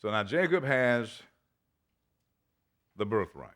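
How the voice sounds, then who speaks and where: A man's voice: on the low side, very animated, slow, a bit bright. A man, a pastor, preaching a sermon and reading scripture aloud with dramatic emphasis. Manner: reads scripture aloud in old-fashioned wording.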